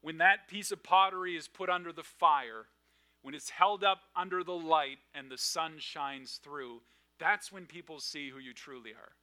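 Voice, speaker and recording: A man preaching a sermon, swinging from loud emphatic lines to hushed, quiet asides. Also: a little high, moderate pace. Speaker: pastor.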